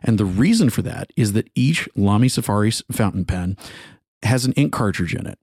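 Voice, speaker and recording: A man on a podcast panel, starting haltingly and then explaining a small detail at length in casual chat. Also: on the low side, expressive, a little mellow, no room sound, clean studio sound.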